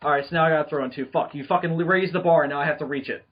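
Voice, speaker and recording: High-voiced joking man on lo-fi call. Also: rapid-fire. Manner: joking, swears freely, excitable. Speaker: podcast host. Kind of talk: casual chat.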